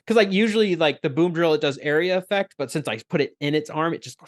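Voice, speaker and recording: A man's voice: a little high, fast. A man playing a tabletop role-playing game, describing his character's attack step by step. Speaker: player.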